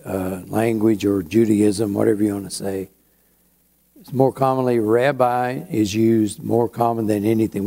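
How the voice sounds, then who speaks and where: Pastor, male; slow, unhurried sermon delivery with a warm, mellow tone and chatty asides. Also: fairly low pitch, creaky. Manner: slow, conversational preaching with asides.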